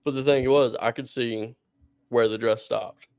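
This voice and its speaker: A male podcast co-host with a gravelly voice tells a story in a loose, meandering way. He breaks into laughter often. His voice sits close and dry. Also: medium pitch, fairly even intonation, unhurried, darkish tone, no room sound. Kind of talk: casual podcast chat.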